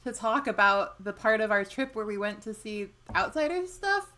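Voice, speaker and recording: A woman co-hosting a book podcast in casual chat, giggly and excitable. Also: a little high, moderate pace. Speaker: podcast co-host.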